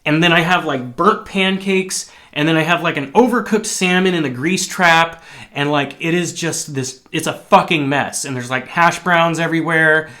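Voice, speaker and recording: A line cook tells a personal story candidly and at normal speed, rambling, restarting, and swearing plenty. His voice sits on the high side with a sharp tone.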